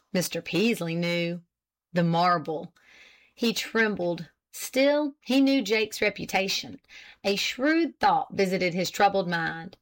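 A woman's voice: lowish voice, lively intonation, slow pace. Woman narrating an old novel. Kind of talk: audiobook narration.

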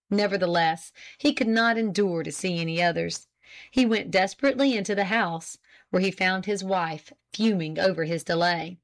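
Woman audiobook narrator, measured and even, classic novel. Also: on the low side. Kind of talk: scripted narration.

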